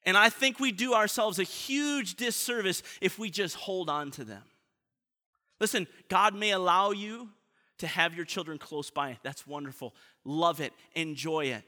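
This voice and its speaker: A man preaching a sermon in an earnest way, often letting his voice drop soft at the ends of points. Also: sits high, measured pace. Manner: earnest, often trailing off softly. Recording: long reverb of a large hall.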